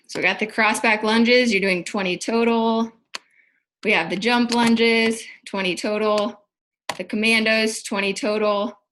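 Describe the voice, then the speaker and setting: A woman fitness instructor with a medium-pitched, bright voice and a forceful tone leads a live online workout class from a room at home, giving step-by-step cues while demonstrating the moves. She's out of breath. The audio comes through a video call microphone in an echoey room, with slight background noise.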